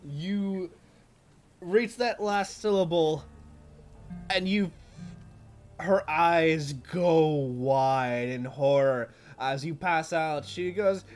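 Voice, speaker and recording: A man's voice: a little high, extremely slow, long pauses, faint music behind. A man running a tabletop role-playing game as game master, narrating and joking with swearing and frequent laughter. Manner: animated, swearing, laughing often.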